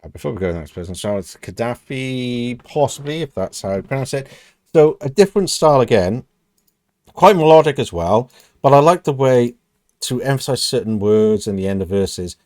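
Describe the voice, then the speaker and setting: A man's voice: mid-range voice, expressive, moderate pace, darkish tone, dry recording, clean studio sound. A British man from the UK hosting a reaction video, chatting casually and thinking aloud with lots of "you know.". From United Kingdom.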